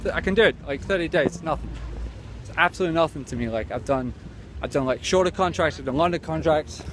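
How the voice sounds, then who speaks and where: A man ranting in a rambling, sweary, deadpan way as a comic monologue to camera. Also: a little high, fast talker. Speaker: comedy vlogger. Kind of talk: absurd comic rant to camera. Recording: clear traffic noise outdoors.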